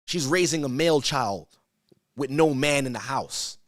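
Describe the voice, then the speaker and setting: Man, church elder, casual bible teaching, rhetorical questions, slow emphatic verse reading, dry sound. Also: mid-range voice, expressive, no echo. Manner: conversational, asks rhetorical "right?", stammers repeats; reads verses slowly and emphatically.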